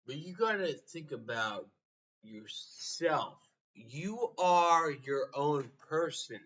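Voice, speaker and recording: A man's voice: on the high side, expressive, takes it slowly, a bit bright, recorded from a distance, muffled recording. A man giving a blunt, profane motivational rant, sounding exasperated. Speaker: motivational speaker.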